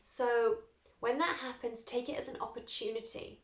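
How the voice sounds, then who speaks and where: A woman's voice: fairly high pitch, fairly even intonation. Soothing woman guiding a meditation. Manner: slow, soothing instructions with audible sighing exhales. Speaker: meditation teacher. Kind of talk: guided meditation and breathwork. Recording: roomy, slightly dull recording.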